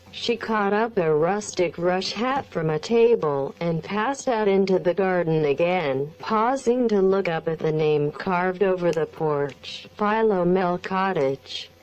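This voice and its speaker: Slow synthetic woman's narration voice. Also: fairly low pitch, highs cut off. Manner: flat, even machine narration. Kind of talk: text-to-speech audiobook reading.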